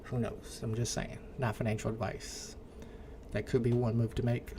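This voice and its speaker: A man's voice: mid-range voice, flat delivery, moderate pace, background noise. A man with an Indiana accent hosting a casual livestream, chatting and answering comments from chat. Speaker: livestream host.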